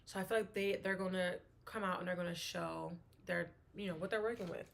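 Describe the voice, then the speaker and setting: A woman's voice: on the low side, fairly even intonation, a little fast, creaky, slight background noise. Chatty woman hosting a sports show. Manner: chatty, laughing, thinking aloud with restarts. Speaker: sports talk host. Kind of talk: casual solo sports chat.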